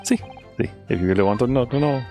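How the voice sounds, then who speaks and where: A man voicing an excitable, shady male witness in a game, with a put-on foreign accent and a sing-song, pleading way of talking. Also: mid-range voice, quick pace, soft background music, voice pushed up, natural voice. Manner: theatrical, sing-song, pleading with 'eh?' tags.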